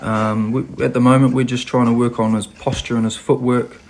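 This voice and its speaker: A man with a New Zealand accent talking as a sports trainer, with relaxed, hesitant answers full of fillers. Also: mid-range voice, normal speed. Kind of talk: casual interview answers.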